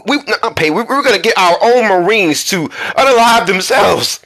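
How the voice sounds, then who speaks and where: A man's voice: very high voice, bright, forceful tone. A man hosting a commentary vlog, talking heatedly with many rhetorical questions and repeating words for emphasis. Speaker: commentary channel host.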